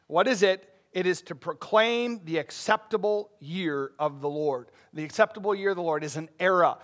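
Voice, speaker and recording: A pastor with a high-sitting, fairly bright voice preaches conversationally, asking the congregation questions and rising into emphatic bursts.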